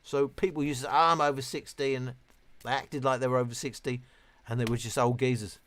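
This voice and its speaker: A man's voice: medium pitch, fairly even intonation, fairly quick, a little hiss or hum. A British man in his late fifties, chatting casually on a live stream, reading out viewers' comments in a rambling, sweary way, a little tipsy. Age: 50s. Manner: chatty, rambling, swears freely, reads chat aloud.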